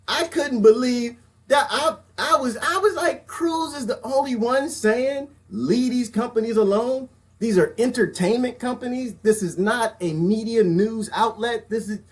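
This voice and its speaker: A man ranting in a casual vlog, loud and expressive, laughing between his points. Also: a little high. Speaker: vlogger.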